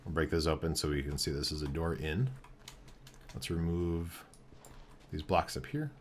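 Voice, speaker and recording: A man with a very deep, low voice talks through a building project in a game, thinking aloud as he goes. His delivery is relaxed and halting, with fillers and restarted phrases. A faint hum sits in the background. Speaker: game streamer. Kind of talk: casual commentary while building in a game.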